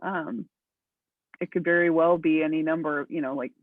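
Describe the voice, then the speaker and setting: A man pastor talks through a podcast discussion over a video call. His voice sits somewhat high and sounds tinny and very dry. He is thoughtful and measured, and he hedges his points. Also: fairly even intonation, gravelly, dry recording.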